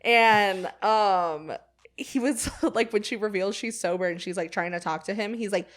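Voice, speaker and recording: A woman's voice: mid-range voice, normal speed. A young woman co-hosting a casual film podcast, blunt and emphatic, swearing for stress. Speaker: podcast co-host. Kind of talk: casual film-review chat.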